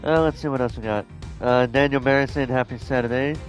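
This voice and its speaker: Over faint game music, a medium-pitched man talks briskly to his viewers during a live game stream. The audio is poor, and his casual chat wanders, restarting again and again.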